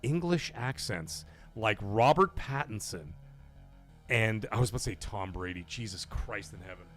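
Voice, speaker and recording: A man's voice: fairly low pitch, animated, normal speed, fairly bright tone, faint music behind. A man in his thirties hosting a live gaming podcast, ranting in a heated, profane, opinionated way. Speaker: podcast host.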